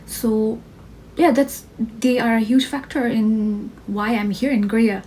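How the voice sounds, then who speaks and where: Excited young woman telling a fan story. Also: a little high, unhurried, slight background noise, poor audio. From Himalayas. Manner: excited, self-mocking, lively storytelling. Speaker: vlogger. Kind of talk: casual storytelling vlog.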